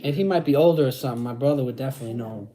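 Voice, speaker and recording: Streetwise middle-aged man with a dark voice. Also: mid-range voice, racing. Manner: streetwise slang, repeats phrases. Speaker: host reading live chat. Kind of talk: casual livestream chat.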